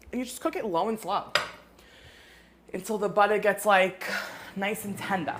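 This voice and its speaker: A woman's voice: mid-range voice, fairly bright tone, slight background noise. Woman host, casual live cooking stream, chatty and rambling. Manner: chatty, greets viewers, rambling asides.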